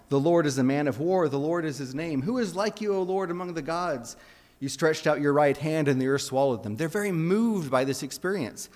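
A man with a fairly high-pitched, darkish voice preaches a sermon in an earnest, conversational way, often restarting his phrases. The recording carries the long reverb of a hall.

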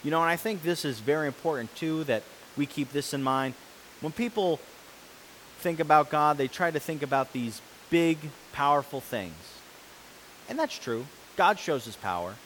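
A man preaching a sermon, reading scripture and explaining it, who swings between loud, forceful passages and soft, quiet ones. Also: fairly high pitch, animated, moderate pace, a little hiss or hum, poor audio.

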